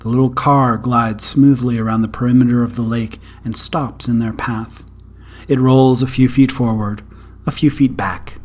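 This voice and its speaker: Guy reading a short story, calm even narration, middle pitch voice. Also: moderate pace.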